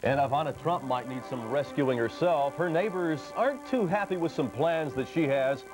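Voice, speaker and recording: A man reads the evening news in a steady, conversational tone. Music plays behind him. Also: fairly high pitch, moderate pace. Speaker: news anchor.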